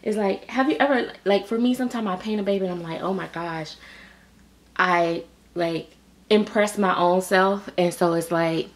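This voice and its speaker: A woman's voice: mid-range voice, fairly even intonation, moderate pace. A middle-aged woman, a doll artist chatting casually to her viewers, rambling and restarting often. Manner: rambling, many fillers and restarts. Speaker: reborn doll artist and vlogger.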